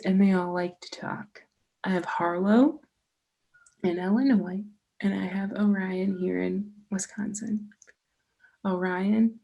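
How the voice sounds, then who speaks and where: A young woman chats casually as a podcast guest, swearing freely as she tells animated stories. Her voice is gravelly, husky and dark. She sounds mellow rather than bright. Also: on the low side. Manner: animated, profane storyteller. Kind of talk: casual chat.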